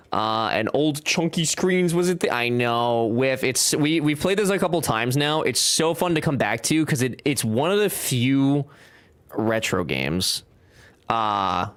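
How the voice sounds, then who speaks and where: A man streaming a game live, chatting casually, joking around and reading out chat messages. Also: medium pitch. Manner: jokey, animated, reads chat aloud.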